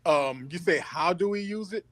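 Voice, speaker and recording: A man's voice: high voice, moderate pace, a bit bright, no room sound. A man answering as a student in a language class over a video call, hesitant and full of fillers.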